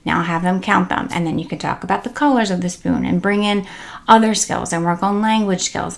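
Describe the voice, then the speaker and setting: A woman's voice: on the low side, gravelly. A woman giving casual, chatty parenting tips as the host of a tip series, with many fillers and upbeat emphasis. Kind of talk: casual instructional talk to camera.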